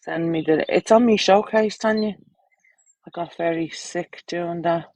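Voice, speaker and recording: A woman's voice: lowish voice, a little slow, a little mellow, dry recording, poor audio. An Irish woman with children, chatting bluntly and crudely on a casual livestream, rambling from topic to topic. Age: adult, with children.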